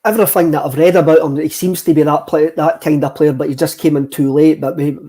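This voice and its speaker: A man's voice: on the high side, steady tone, quick pace, dark tone, husky. A man, hosting a casual football podcast, hesitant and jokey, often repeating words. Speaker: podcast host.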